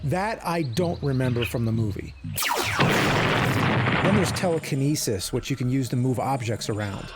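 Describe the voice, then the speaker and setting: A man's voice: medium pitch, expressive, moderate pace, long pauses, loud music behind the voice. Foul-mouthed, exasperated game-reviewing man. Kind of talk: comedic game review commentary.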